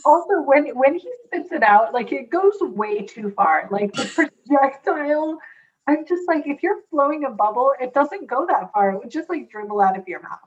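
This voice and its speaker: A woman co-hosting a casual podcast, chatting in an animated way about a sitcom scene, with lots of fillers. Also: high voice, normal speed, distant mic, muffled recording. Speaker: podcast co-host. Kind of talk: casual rewatch chat.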